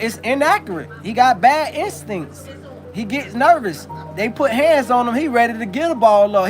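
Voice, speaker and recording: Brief: high-pitched male streamer, brash and profane, ranting about sports live. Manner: brash, profane, heated trash talk; animated, rambling with restarts. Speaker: livestream host. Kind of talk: live sports commentary chat.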